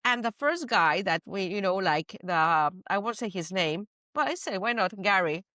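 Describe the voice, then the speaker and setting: A woman from Spain with a Spanish accent, hosting a podcast and telling stories in an animated, playful way. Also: medium pitch, moderate pace, no room sound, studio quality. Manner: animated storyteller, playful asides. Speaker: podcast host. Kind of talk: casual chat.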